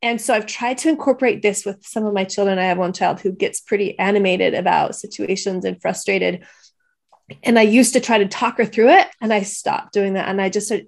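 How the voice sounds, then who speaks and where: A woman of middle pitch talks in a relaxed panel discussion. She reflects on parenting and shares her own experiences thoughtfully. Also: normal speed, creaky. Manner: thoughtful, sharing personal parenting stories. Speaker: podcast co-host.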